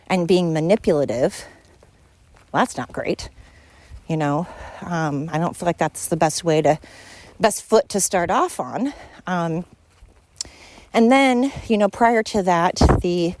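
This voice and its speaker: A woman's voice: lowish voice, a little mellow. A woman hosting a podcast, talking at home in a frank, rambling monologue as she vents. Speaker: podcast host. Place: at home with her dog.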